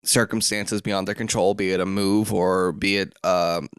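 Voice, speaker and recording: Brief: young male podcast host, low, smooth voice, dry close sound, rambling with fillers, scratchy throat. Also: fairly even intonation, moderate pace, no room sound. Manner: rambling, many fillers and restarts. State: throat rough, coughing. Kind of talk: solo podcast chat. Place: room at home.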